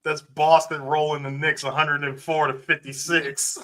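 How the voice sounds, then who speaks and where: A man with a bright, fairly high voice, co-hosting a podcast. He chats casually and laughs his way through his jokes. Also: level tone, normal speed. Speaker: podcast co-host. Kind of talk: casual chat.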